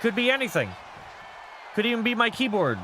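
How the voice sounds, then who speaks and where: A man streaming a wrestling game, chatting casually with viewers, rambling and reading chat aloud, with loud bursts as he reacts to the match. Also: very high-pitched, big pitch swings, brisk, a crowd in the background, background noise.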